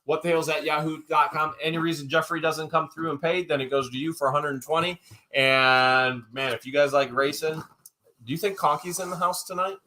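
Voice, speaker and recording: Guy hosting a live auction stream, bright voice, calls bids loud and cracks jokes. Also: a little high, steady tone, fairly quick. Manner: joking, loud announcer-like calls. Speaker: livestream auction host. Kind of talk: casual live auction chat.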